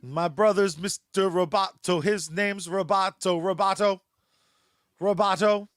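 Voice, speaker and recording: A high-voiced man co-hosting a casual comic book podcast keeps a steady tone while joking around and rattling off fast sponsor plugs. The recording is dry and close, with no room sound around it.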